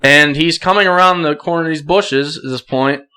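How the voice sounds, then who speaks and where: A young man with a fairly high, bright voice tells a story casually on a podcast. He gets animated, laughs through it and clears his throat now and then. His speech carries a flavor. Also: normal speed. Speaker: podcast guest.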